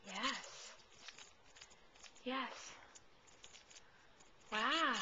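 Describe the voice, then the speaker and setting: Mother, high bright voice, slow sing-song baby talk to an infant, muffled lo-fi camcorder sound. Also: slight background noise. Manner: sing-song, cooing, coaxing. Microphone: handheld camcorder. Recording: dull lo-fi camcorder audio.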